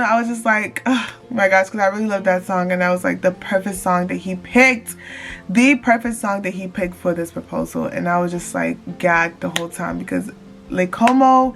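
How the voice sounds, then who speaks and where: A young woman vlogger telling an excited casual storytime straight to her viewers, calling them y'all. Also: medium pitch, gravelly.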